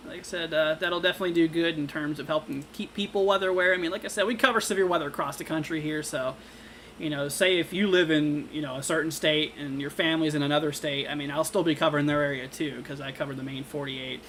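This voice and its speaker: Bright-voiced casual weather streamer man. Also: fairly high pitch, steady tone, a little hiss or hum. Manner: casual, filler-heavy, halting restarts. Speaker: livestream weather host. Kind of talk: live severe-weather coverage and chat reading.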